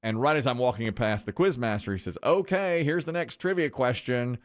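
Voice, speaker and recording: A middle-aged man hosting a morning radio show, telling stories in casual banter and acting out the quotes with big jumps in his voice. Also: moderate pace. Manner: animated storyteller, acts out quotes with big pitch jumps.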